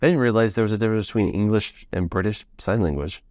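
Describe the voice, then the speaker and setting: A man hosting a podcast in casual interview chat, chatty and quick to laugh, with rambling asides. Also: lowish voice, darkish tone, no room sound, studio quality. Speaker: podcast host.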